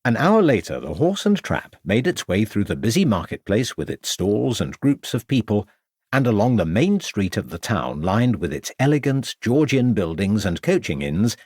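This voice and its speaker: A man reads a crime novel aloud in a measured storytelling way. His voice is low but moves a lot, and the recording is close and dry. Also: sing-song, darkish tone, slightly rough, no echo. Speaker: audiobook narrator. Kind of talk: scripted narration.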